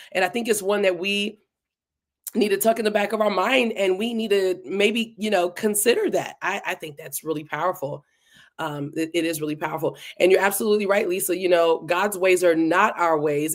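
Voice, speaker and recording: A woman teaching a verse-by-verse Bible study in a casual, animated way, acting out the lines of the people in the passage. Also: medium pitch. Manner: casual, animated, acts out dialogue between speakers.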